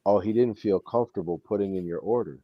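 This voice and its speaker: A man hosting a casual chat, telling stories in an animated way and saying "bro" a lot. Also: fairly low pitch, quick pace, no room sound, muffled recording. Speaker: show host.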